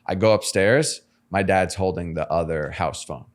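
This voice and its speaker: A man as a podcast guest, telling his life story in a casual, animated, slangy way and acting out the voices of people he quotes. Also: sits low, moderate pace.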